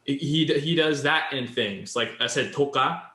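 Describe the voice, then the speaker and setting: A man's voice: mid-range voice, moderate pace, pushed and bright, echoey room. A man co-hosting a podcast, explaining Japanese in casual chat and building example after example. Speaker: podcast co-host.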